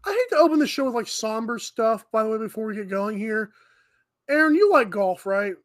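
High-voiced man hosting sports talk. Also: animated, a little fast, no room sound. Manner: rambling, filler-heavy. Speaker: morning show host.

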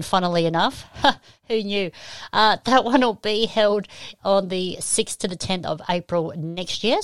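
A woman's voice: fairly low pitch, clear, resonant tone, dry recording. Cheery Australian woman hosting a podcast. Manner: cheery, bubbly, greets listeners with whoops and laughs. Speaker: podcast host. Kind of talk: live-stream podcast chat.

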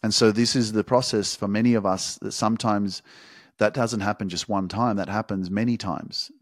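A man hosting a podcast, giving an intense, profane motivational monologue with emphatic, drawn-out phrasing. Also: fairly low pitch, fairly even intonation, no room sound, studio quality. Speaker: podcast host.

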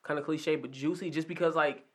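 A man in casual podcast chat, relaxed and enthusiastic. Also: a little high, fairly quick. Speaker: podcast co-host.

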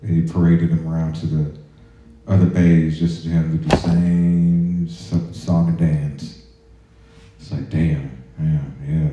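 A man's voice: rumbling low, flat delivery, measured pace. A man and army veteran hosting a podcast, telling stories casually in a profane, laid-back way, in an echoey room on a muffled recording. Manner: profane, laid-back, drifts into quiet asides. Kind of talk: casual storytelling.

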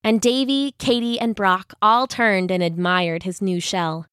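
Gentle woman reading a children's story. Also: mid-range voice, steady tone, a little slow, clear, resonant tone, dry recording, clean studio sound.

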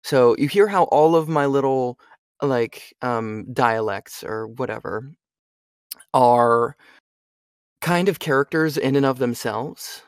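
A man's voice: mid-range voice, slow pace, dry recording. Young male voice actor, casual and talkative, dry close sound. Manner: chatty, asks "you know what I mean?" a lot. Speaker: voice actor and audiobook narrator. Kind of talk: casual interview chat.

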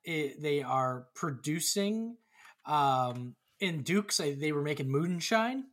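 A man's voice: on the high side, expressive, slow. A man hosting a casual group chat, rambling with lots of fillers. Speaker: podcast host.

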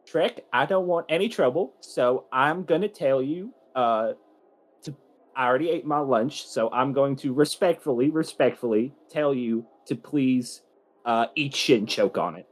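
A man's voice: mid-range voice, unhurried, natural voice. A man voicing a flustered, politely stammering teenage boy in a tabletop game. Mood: mock polite. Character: clumsy teenage boy, pacifist, easily rattled.

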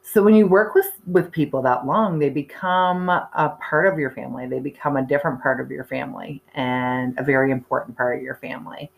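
A woman's voice: very deep voice, fairly quick, vocal fry, few pauses, low-quality recording. A woman, in her thirties or forties, candidly telling a personal story in a chatty way with many fillers and restarts. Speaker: speaker sharing her cancer story.

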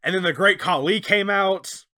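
A man co-hosting a casual chat who talks in an animated way and acts out quotes in different voices. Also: sits high, moderate pace. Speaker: podcast co-host.

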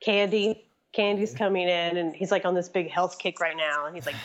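A woman's voice: lowish voice, steady tone, normal speed, dull audio. A woman guest, a photographer's assistant, chatting casually with many "like" fillers. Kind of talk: casual interview chat.

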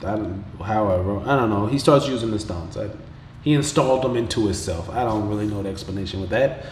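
A man's voice: on the low side, a little fast, a little hiss or hum. A man hosting a podcast, casually recapping an episode in slangy, profane talk and acting out the characters' lines as he goes. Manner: slangy, profane, animated retelling with quoted voices. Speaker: podcast host. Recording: roomy echo with faint background ambience.

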